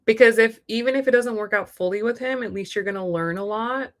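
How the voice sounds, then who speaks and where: A woman's voice: medium pitch, fairly quick, few pauses, a bit bright. A young woman giving a live tarot reading, talking frankly and chatting straight to the viewer, often acting out what people might say. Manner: chatty, frank, acts out quoted voices. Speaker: tarot reader.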